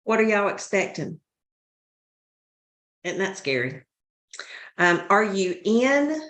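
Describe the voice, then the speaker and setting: A woman's voice: mid-range voice, sing-song, slow, a bit bright, roomy sound. A woman giving a motivational talk to a sales team, urging and coaching with direct questions to the listeners.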